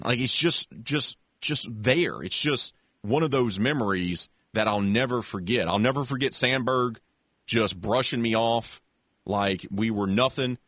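A man telling a long childhood story in a relaxed, casual chat, full of restarts and little voices for other people. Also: fairly low pitch, no room sound, studio quality. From American South. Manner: animated storyteller with many restarts, acts out voices.

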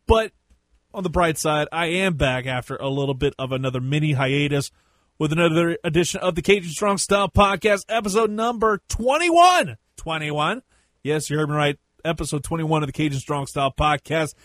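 A man's voice: a little high, a little fast, a bit bright, dry recording. A man hosting a solo wrestling podcast in a chatty, rambling way. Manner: chatty, rambling, self-correcting. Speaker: podcast host. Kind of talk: casual solo podcast commentary.

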